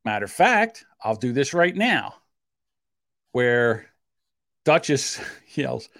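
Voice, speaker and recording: Heated South Jersey podcast host. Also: male voice, sing-song, vocal fry, fairly bright tone, no room sound, clean studio sound. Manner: defensive, heated, quick to rise in pitch; admits a short temper. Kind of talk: casual argumentative podcast banter.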